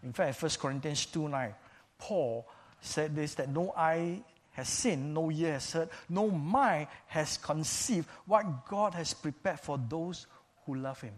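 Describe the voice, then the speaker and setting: A man preaching a sermon in a measured, emphatic way, repeating key phrases for stress. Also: fairly high pitch.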